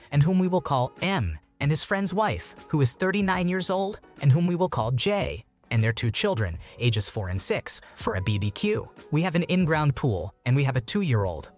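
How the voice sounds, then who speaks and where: Man reading posts in steady narration. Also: mid-range voice. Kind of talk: scripted narration.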